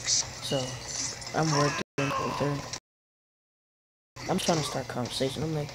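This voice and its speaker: A man's voice: mid-range voice, normal speed, long pauses, heavy background noise. A young man tells a casual, rambling story while playing a game, acting out what people said in raised voices. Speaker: gaming video creator.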